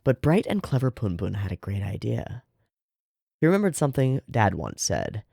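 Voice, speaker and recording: Animated, chatty man reading a manga. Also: lowish voice, moderate pace, vocal fry, no echo, clean studio sound. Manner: chatty, animated, swears casually. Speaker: manga reader and channel host. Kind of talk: reading a manga aloud with casual commentary.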